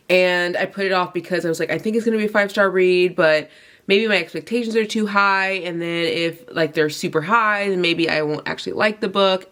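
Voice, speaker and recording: A young woman vlogging casually from bed early in the morning, sleepy and yawning, with a runny nose, talking in a chatty way full of "like"s. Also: on the low side. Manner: chatty, filler-heavy, many "like"s and restarts. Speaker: book vlogger. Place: bedroom, lying in bed.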